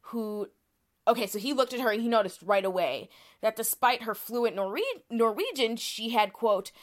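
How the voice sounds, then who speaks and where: A woman's voice: fairly high pitch, lively intonation, normal speed. Woman, podcast co-host, casual and chatty, explains step by step, frequent fillers.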